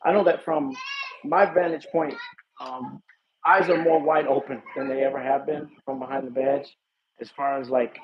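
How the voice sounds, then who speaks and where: A man's voice: medium pitch, steady tone, moderate pace. A man from Illinois, a police detective, chatting casually and laughing easily with viewers on a phone livestream outdoors at night. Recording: dull lo-fi phone stream with background noise.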